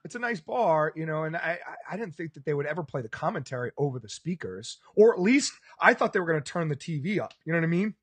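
A man co-hosts a casual sports podcast, telling animated stories and acting out the reactions of the bar crowd around him. His voice is fairly high, his pace quick with few pauses, and the sound slightly rough.

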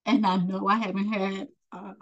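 A woman speaks in an informal, heartfelt preaching style, urging and encouraging her listener. Her voice sits at an ordinary middle pitch and carries an emotional, close-to-tears earnestness throughout. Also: flat delivery, normal speed, fairly bright tone, dull audio. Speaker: spiritual teacher.

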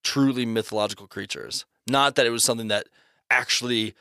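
An easygoing man chatting on a podcast with friends. His voice sits in a middle pitch. The recording is dry and close. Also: steady tone, fairly quick, pushed and bright, no echo. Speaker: podcast co-host. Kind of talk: casual podcast chat.

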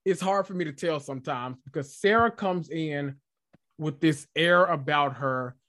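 A man chatting casually about reality TV as a podcast host, analytical and animated when quoting people. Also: fairly high pitch, unhurried. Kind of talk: casual reality-TV recap chat.

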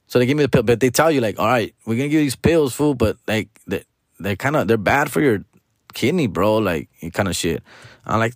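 A man's voice: mid-range voice, brisk, dry recording, clean studio sound. Profane Mexican-American man telling a story. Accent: Mexican-American English, code-switching to Spanish. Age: 40s. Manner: profane, slangy, animated storytelling. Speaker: podcast host. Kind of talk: casual storytelling monologue.

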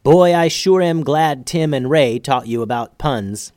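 A man's voice: fairly high pitch, big pitch swings, moderate pace, darkish tone, dry recording, clean studio sound. A man doing a sarcastic young female ninja. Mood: skeptical.

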